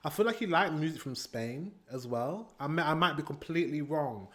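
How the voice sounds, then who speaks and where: A man's voice: a little high, animated, brisk, fairly bright tone. A British man giving chatty, rambling commentary while reacting to music, laughing often between remarks. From Britain. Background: faint pop music playing.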